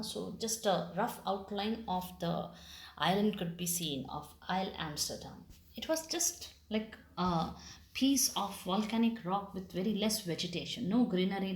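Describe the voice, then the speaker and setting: A woman teaching a class. She reads a story aloud and patiently explains its words, pausing with fillers. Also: lowish voice. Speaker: English teacher. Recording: echoey room.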